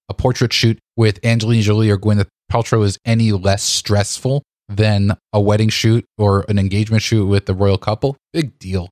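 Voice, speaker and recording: A man with a fairly low voice, co-hosting a casual podcast chat. He talks in an animated, indignant way and stumbles through restarts. The recording is dry and close. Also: no echo. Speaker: podcast co-host.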